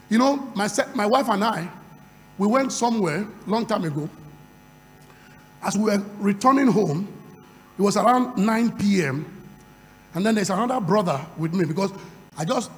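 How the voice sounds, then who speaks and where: A man's voice: high-pitched, animated, normal speed, pauses often. A man preaching a sermon, calling for responses from the crowd and breaking into speaking in tongues. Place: large hall. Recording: long hall reverb.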